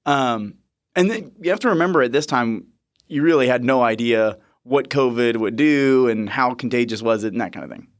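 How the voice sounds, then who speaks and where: A man in his thirties, a podcast host and nurse, telling a story in a lively, chuckling way. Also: mid-range voice, normal speed. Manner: lively, chuckling, animated retelling. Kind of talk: casual storytelling.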